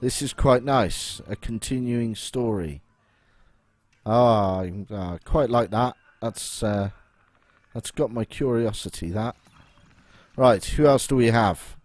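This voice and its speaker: A man's voice: mid-range voice, slow, a little mellow, no echo. Man musing through gameplay. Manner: chatty, musing, hesitant fillers. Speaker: let's play commentator. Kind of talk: casual gameplay commentary.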